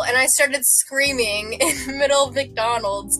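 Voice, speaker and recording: A woman's voice: high-pitched, normal speed, pushed and bright, faint music behind, rough recording. A young woman casually telling a rambling story, giggling and acting out what people said. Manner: rambling, giggly, acts out quotes. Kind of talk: casual chat.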